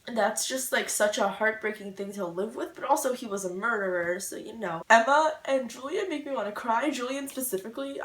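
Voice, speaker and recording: A woman's voice: medium pitch, distant mic. A young woman vlogging her reaction to a book, rambling and emotional with lots of "like", recorded at home on a camera mic. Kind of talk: casual book reaction vlog. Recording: echoey room, voice a little off-mic.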